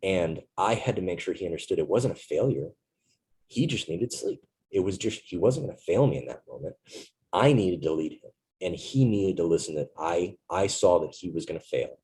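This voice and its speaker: Low, husky-voiced man telling a story. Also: expressive, normal speed, warm tone, rough recording. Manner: earnest, reflective, with frequent "right?" tags. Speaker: interview guest, Marine veteran. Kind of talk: storytelling in an interview.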